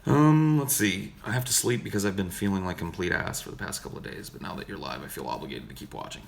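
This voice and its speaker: A man's voice: low-pitched, animated, fast, gravelly, slight background noise. A man hosting a livestream who chats in a rambling, laid-back way and laughs easily. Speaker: livestream host. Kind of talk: casual chat.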